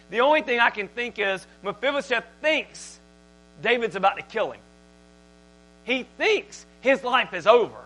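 A man preaching to his church, his voice bright and a touch higher than most men's. He talks conversationally, then swells loud and emphatic when reading scripture, with a faint mains hum under the recording. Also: poor audio. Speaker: pastor. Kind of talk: sermon.

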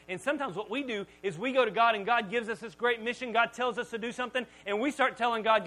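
A male pastor preaching a sermon, telling Bible stories and family anecdotes in an animated, joking way. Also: very high voice, fast talker, few pauses, poor audio. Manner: animated storytelling, jokey.

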